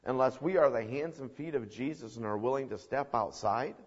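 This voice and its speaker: A man's voice: mid-range voice, a little fast, breathy edge. A man preaching a sermon in an earnest, emphatic way. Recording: dull recording with long hall reverb.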